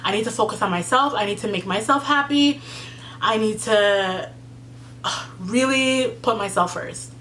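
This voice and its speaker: Bright-voiced young woman, tearful and earnest. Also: fairly low pitch, a little hiss or hum. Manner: earnest, heartfelt, fillers and repeats, fighting back tears. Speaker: vlogger. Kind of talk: emotional personal story to camera.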